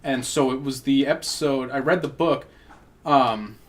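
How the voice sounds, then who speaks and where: A man's voice: mid-range voice, measured pace. A young man hosting a podcast, rambling and joking with lots of swearing in casual chat. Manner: profane, rambling, jokey. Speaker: podcast host.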